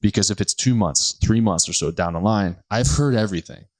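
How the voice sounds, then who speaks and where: A man in his thirties hosting a casual health podcast, talking bluntly with quick self-corrections and asides. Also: lowish voice, no echo. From United States. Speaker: podcast host, chiropractor.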